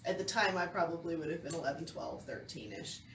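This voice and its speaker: Brief: animated, giggly woman co-host, high and swooping, roomy distant mic. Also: brisk, creaky, slight background noise. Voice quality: laughs easily, animated storyteller. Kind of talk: casual storytelling chat. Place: home den.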